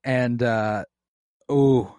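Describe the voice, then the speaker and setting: A man casually recapping a TV episode with a co-host, excited and profane as he retells the scenes. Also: medium pitch, very slow, dry recording, clean studio sound. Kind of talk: casual show recap chat.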